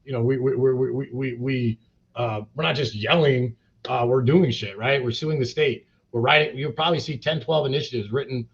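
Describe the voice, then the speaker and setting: Fairly quick and fairly even in intonation, this medium-pitched man is a cannabis company chief being interviewed. His casual talk rambles, heavy with fillers, blunt and profane, over dull lo-fi podcast sound.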